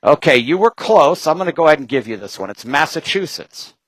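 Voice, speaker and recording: A man talking as a guest in casual chat, rambling from point to point with quick asides and jokes. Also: on the high side, sing-song, a bit bright, dry recording, poor audio.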